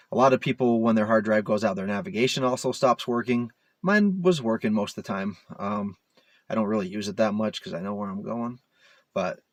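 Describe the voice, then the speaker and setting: Rambling low-voiced man, dry sound. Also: dry recording. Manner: rambling, filler-heavy, self-mocking. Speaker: DIY car repair vlogger. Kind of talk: casual rambling talk to camera. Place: inside a parked SUV.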